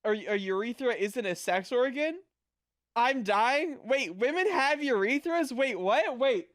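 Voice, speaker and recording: A man's voice: very high-pitched, animated, measured pace, fairly bright tone. A young man streaming as a VTuber, chatting casually with viewers in a rambling, crude, flustered way full of fillers.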